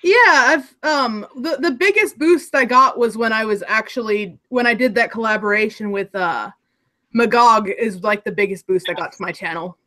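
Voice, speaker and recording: Bright chatty Alaskan woman. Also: fairly high pitch, moderate pace. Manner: chatty, rambling with restarts. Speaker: online content creator. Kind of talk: casual group chat.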